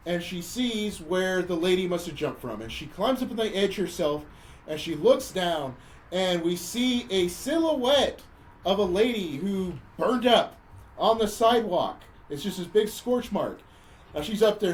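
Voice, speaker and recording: A man's voice: sits high, poor audio. A man co-hosting a podcast, casually retelling a film plot in a wry, mocking play-by-play, often stumbling and repeating words. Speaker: podcast co-host. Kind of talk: casual chat recapping a film.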